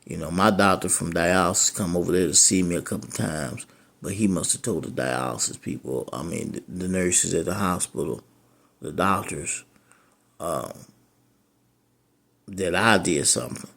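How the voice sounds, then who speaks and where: A man's voice: low voice, normal speed, gravelly, fairly bright tone. A man, a dialysis patient, telling his own story of being turned away from care, rambling and repeating himself, frustrated and aggrieved. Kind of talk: personal testimony.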